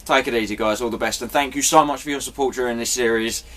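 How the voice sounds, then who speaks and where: A man's voice: mid-range voice, fast talker, a bit bright. Apologetic rambling man. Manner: apologetic, chatty, swears, restarts takes. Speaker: vlogger. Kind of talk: rambling casual vlog update.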